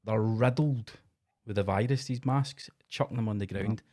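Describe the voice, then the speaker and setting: A man's voice: on the low side, moderate pace, dark tone. A Scottish man co-hosting a casual podcast, bantering and swearing freely. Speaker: podcast co-host.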